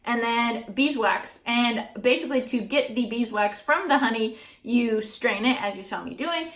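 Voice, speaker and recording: A woman vlogging casually about her own farm work, relaxed and chatty as she explains each hands-on step. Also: a little high, roomy sound. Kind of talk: casual how-to vlog. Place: heated room on her farm.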